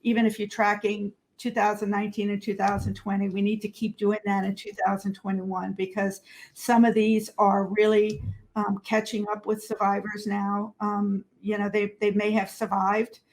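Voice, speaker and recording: A woman's voice: mid-range voice, completely flat delivery, normal speed, darkish tone. A woman speaking on a video call panel discussion, talking steadily with many fillers. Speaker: service provider on a panel.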